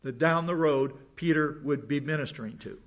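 Male preacher, fairly high voice, earnest verse-by-verse sermon, muffled lo-fi recording. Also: normal speed. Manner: earnest, explains scripture verse by verse with asides. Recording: dull lo-fi sound.

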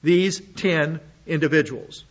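A man's voice: on the high side, steady tone, slow pace, muffled recording. A man preaching an expository sermon, reading scripture aloud and commenting on it with blunt sarcasm.

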